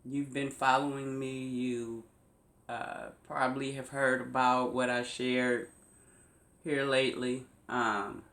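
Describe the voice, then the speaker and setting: Woman vlogging slow, bright voice, keeps repeating herself for emphasis, roomy echo. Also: very deep voice, little pitch movement. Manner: slow, repetitive, emphatic retelling. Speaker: YouTube vlogger. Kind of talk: personal storytelling to viewers.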